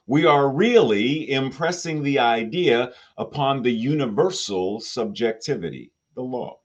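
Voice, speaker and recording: Man preaching an animated, unhurried sermon. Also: mid-range voice, lo-fi sound. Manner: expressive, rhetorical questions, playful asides. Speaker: spiritual director.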